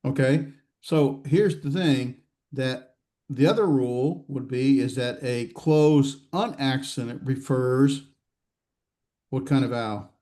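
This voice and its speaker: A man teaching a grammar class, quizzing students and talking haltingly with many fillers and restarts. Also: medium pitch, mellow. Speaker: Hebrew grammar instructor. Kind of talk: classroom lecture with student questions. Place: classroom or online class session.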